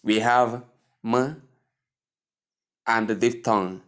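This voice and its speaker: Man, Nigerian English accent, pronunciation teacher, very slow deliberate delivery, mid-pitched voice. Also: steady tone, a bit bright. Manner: slow, deliberate, repeats each word several times. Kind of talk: slow instructional lesson.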